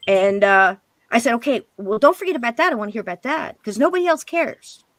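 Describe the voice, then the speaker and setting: A woman's voice: a little fast, no room sound. Chatty woman telling a family story, dry close sound. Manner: animated, jumps to higher pitch when quoting others. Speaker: podcast guest. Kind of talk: casual storytelling.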